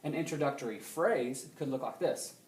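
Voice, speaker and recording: This is a male teacher's recorded grammar lesson, given in a reverberant classroom. His mid-range voice explains things steadily, often stopping for a brief question to make sure students follow.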